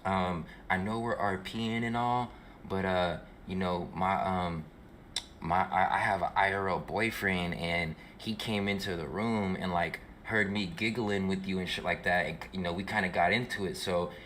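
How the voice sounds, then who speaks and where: A hesitant young woman asking someone to back off, as a man retells her, halting over every few words. The voice stays low and quiet, with a bright edge. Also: steady tone, slight background noise. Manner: halting, full of "um" and "you know".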